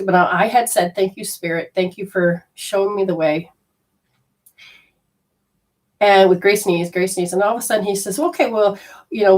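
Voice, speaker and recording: Heard through a distant mic, a woman with a lowish voice recounts a personal story during a talk. She is a spiritual healer, and she chats her way through it, performing the quoted lines.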